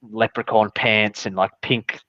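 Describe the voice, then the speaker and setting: A man's voice: fairly low pitch, little pitch movement, a little slow, bright, forceful tone, no echo. A man, co-hosting a podcast in a casual, blunt, storytelling way. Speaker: podcast co-host, financial adviser. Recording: dull, dry sound.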